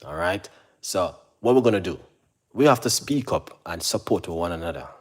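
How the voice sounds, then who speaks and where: A man speaks casually to his audience. He is earnest and repetitive, circling back with "you know what I mean" as he encourages them. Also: husky. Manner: mimics receptionists in a higher voice. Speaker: channel host. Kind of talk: casual motivational talk to camera.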